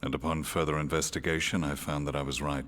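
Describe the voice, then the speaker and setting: A grave, deep-voiced old warrior. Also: male voice, little pitch movement, fairly bright tone, slight background noise. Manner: formal, measured. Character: stern older imperial warrior man, grave. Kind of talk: game cutscene voice acting.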